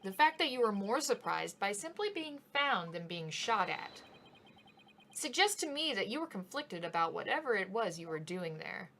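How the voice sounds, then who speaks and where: A woman reading the lines of a sharp young female defense attorney in a video game, asking measured, pointed questions. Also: mid-range voice, sing-song, slight background noise. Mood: probing.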